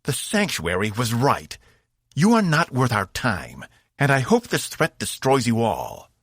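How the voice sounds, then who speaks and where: A man's voice: medium pitch, wildly swooping pitch, unhurried, fairly bright tone, slightly rough, no echo, studio quality, pitched above the performer's own voice, full character voice. A man voicing a seething blue alien woman warrior. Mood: contemptuous. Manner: seething, contemptuous, commanding. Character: furious towering blue-skinned alien female consul.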